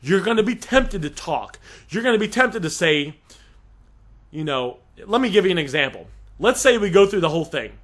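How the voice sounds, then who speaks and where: Emphatic, high-voiced male sales coach. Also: lively intonation, normal speed, fairly bright tone. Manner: direct, emphatic, addresses listeners as guys. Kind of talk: teaching a sales script.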